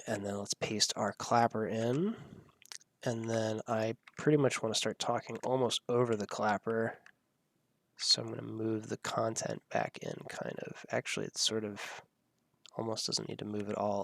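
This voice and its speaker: A man's voice: fairly low pitch, flat delivery, normal speed, vocal fry, a bit bright, dry recording. Man thinking aloud in a dry room. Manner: musing, thinking aloud while working. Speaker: host. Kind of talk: live audio editing tutorial.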